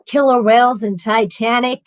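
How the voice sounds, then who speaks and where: A middle-aged woman chatting on a casual livestream, reading viewer comments aloud in a lively, animated way. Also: fairly high pitch, moderate pace, no echo, poor audio. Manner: chatty and animated, laughs often.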